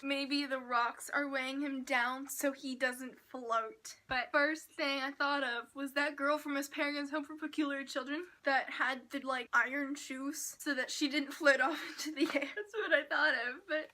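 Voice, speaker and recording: A young woman with a high, sharp, bright voice reviews a book in a loose, chatty way. She gushes with excitement and slips into whispered asides. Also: moderate pace, hardly any pauses. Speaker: book vlogger. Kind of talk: casual book review chat.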